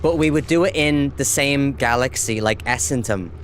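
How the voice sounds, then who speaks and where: A man's voice: mid-range voice, moderate pace, a bit bright, a little hiss or hum. A young adult Irish man chatting casually with viewers while he plays a game on a live stream. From Ireland. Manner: chatty, reads out chat and answers viewers, upbeat.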